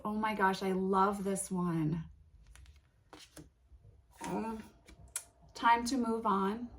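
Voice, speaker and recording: Woman, tarot reader, casual unboxing chat, gentle admiring tone, medium pitch. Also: steady tone, drawn-out words, pauses often. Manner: gentle and admiring, with soft gushing exclamations. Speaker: tarot reader and channel host. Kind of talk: casual unboxing commentary, reading card titles aloud.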